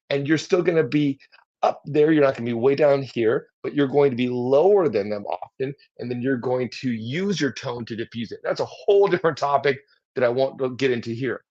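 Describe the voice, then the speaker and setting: Casting: husky male speaking coach, mid pitch, energetic teacher, slightly dull lo-fi livestream audio. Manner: energetic, demonstrates tones and acts out example replies. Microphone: livestream mic.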